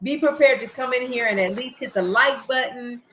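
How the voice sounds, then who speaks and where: An older woman with a Southern US accent, hosting a casual late-night live-stream chat, excitable and quick to laugh. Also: fairly high pitch, echoey room, background noise. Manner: chatty, excitable, laughs easily. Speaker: livestream host.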